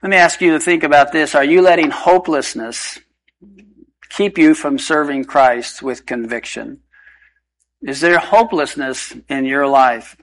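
Earnest man preaching, slightly high voice. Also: measured pace, poor audio. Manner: earnest, emphatic, shifting pace. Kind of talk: sermon.

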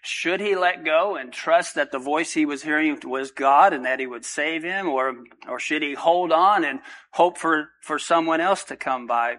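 A man, a pastor, praying and then preaching a sermon in an earnest, unhurried way with frequent filler pauses. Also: fairly high pitch, fairly bright tone, low-quality recording.

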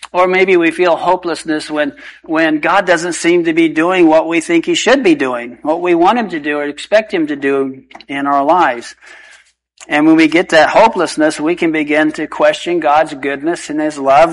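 A man preaches with earnest emphasis, his voice sitting a little higher than most men's. He slows down for key phrases and rushes others, pressing each point home. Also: rough recording. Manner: earnest, emphatic, shifting pace. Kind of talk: sermon.

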